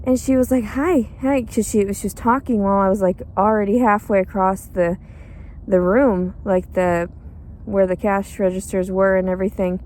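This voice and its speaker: A woman's voice: medium pitch, fairly even intonation, moderate pace, darkish tone, slight background noise. A tired, cranky woman rambling in a bitter, crude, profane monologue outdoors. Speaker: pregnant homeless woman.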